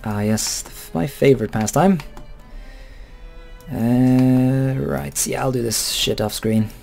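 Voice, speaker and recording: A man's voice: mid-range voice, slow pace, gravelly, warm tone, soft background music. A man giving casual, rambling commentary over a strategy game, chuckling and swearing offhandedly. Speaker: let's play host.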